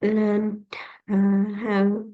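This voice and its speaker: A woman student answering in an online class, halting with many fillers. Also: medium pitch, completely flat delivery, narrow, tinny audio.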